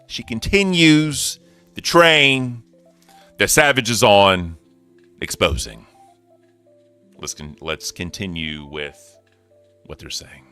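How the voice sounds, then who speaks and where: A man's voice: fairly low pitch, takes it slowly, pauses often, pushed and bright, clean tone, faint music behind. A man hosting a casual commentary stream, reacting loosely and swearing as he talks. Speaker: stream host.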